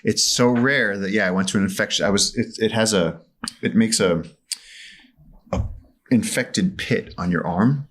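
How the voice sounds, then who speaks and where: A man as a podcast guest, telling animated stories and acting out the voices in them. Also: on the low side, normal speed. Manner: vivid, acts out voices in his stories. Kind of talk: animated storytelling in conversation. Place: studio.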